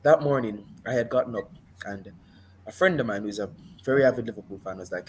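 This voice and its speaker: A man co-hosting a casual sports podcast, telling animated stories with playful exaggeration. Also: lowish voice, fast. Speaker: podcast co-host. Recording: faint background noise.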